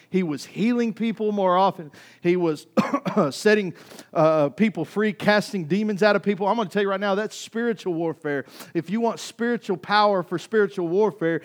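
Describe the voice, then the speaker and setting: A middle-aged male pastor preaching a conversational, animated sermon that builds in intensity. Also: high voice.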